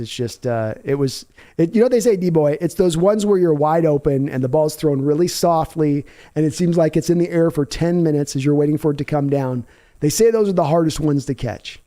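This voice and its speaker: A man hosting a live game reaction stream, with a voice that sounds worn and fading. He breaks down plays and answers viewer comments analytically. His timbre is mellow and warm, pitched slightly high. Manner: analytical, reads donor comments aloud. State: voice fading, tired.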